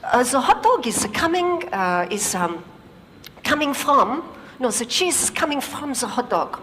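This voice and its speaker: Woman doing a fumbling male engineer, halting, restarts, fillers, echoing hall, faint noise. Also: high voice, big pitch swings, fairly bright tone, heavily acted. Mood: flustered.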